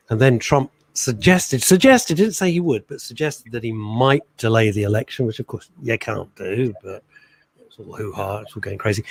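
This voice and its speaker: A middle-aged man co-hosting a radio show, chatting and teasing his partner in a joking, animated way. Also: mid-range voice, gravelly. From England. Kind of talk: casual chat radio show.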